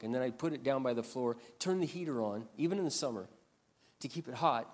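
A man preaching a sermon in a storytelling way, animated and swinging between loud passages and quiet asides. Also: mid-range voice, a little fast, big-room sound. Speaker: pastor.

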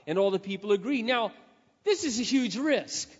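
A man with a high voice preaches a sermon, telling a scripture story dramatically and dropping from loud passages into hushed asides. His voice carries a long hall echo. The recording sounds dull and lo-fi. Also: animated, moderate pace.

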